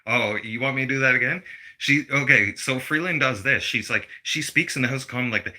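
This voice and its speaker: Sharp-voiced man ranting. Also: medium pitch, a little fast. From Canada. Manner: blunt, heated, heavy swearing. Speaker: vlogger. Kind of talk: profane political rant.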